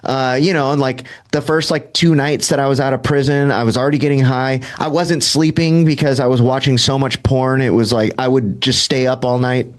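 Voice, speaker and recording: A Southern California man in his thirties tells his recovery story casually and self-deprecatingly, heavy on fillers and acting out snippets of dialogue. His mid-range voice is fairly even in intonation, and he talks fairly quickly with few pauses.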